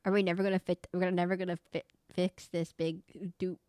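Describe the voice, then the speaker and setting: A woman's voice: fairly low pitch, little pitch movement, quick pace, a little mellow, smooth, no room sound, clean studio sound. Chatty woman streaming a game. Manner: chatty, exclaiming, reads game dialogue aloud. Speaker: VTuber streamer. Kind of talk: live gameplay commentary.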